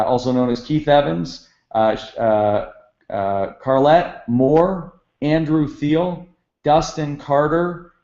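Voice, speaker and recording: A man's voice: medium pitch, highs cut off. A middle-aged man hosting a company conference call, speaking in an upbeat, promotional way with frequent fillers. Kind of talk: enthusiastic sales kickoff call. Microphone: conference call line.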